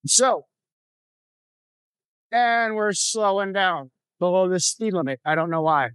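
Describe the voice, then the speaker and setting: A man's voice: high-pitched, slow pace, a bit bright, clear, resonant tone, no room sound. A man in his thirties vlogging from his motorcycle, telling a story in a blunt, profane, casual way. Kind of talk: casual vlog talk while riding. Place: on a motorcycle on the road.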